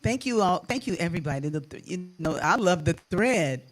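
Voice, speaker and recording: An older woman hosting a casual live chat, warm and playful, laughing often. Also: lowish voice, animated, brisk. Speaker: host and singer.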